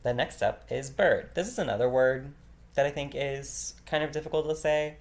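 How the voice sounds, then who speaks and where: A man from the United States with a gravelly edge to his voice leads a casual vocabulary lesson. He talks in a relaxed, chatty way, repeats each new word slowly several times and laughs now and then. His pitch sits in a middle range. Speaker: language teacher.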